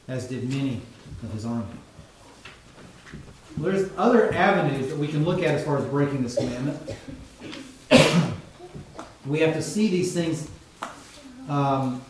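A man's voice: fairly high pitch, a little hiss or hum. Man preaching in a very echoey hall. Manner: measured teaching tone with frequent pauses and fillers. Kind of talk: sermon. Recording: very echoey room, mic far off.

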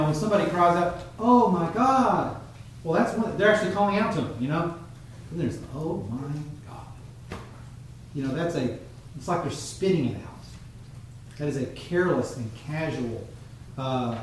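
A man's voice: a little high, slight background noise. Man preaching in a very echoey hall. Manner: measured teaching tone with frequent pauses and fillers. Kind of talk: sermon. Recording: very echoey room, mic far off.

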